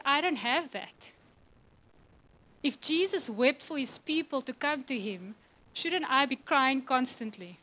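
Bright high-voiced woman preaching passionately. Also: poor audio. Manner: passionate, emotional, with laughs. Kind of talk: sermon.

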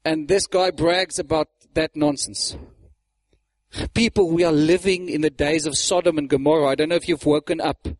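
A man preaching a sermon, animated, acting out mocking voices and laughing often. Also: a little high, normal speed, dry recording.

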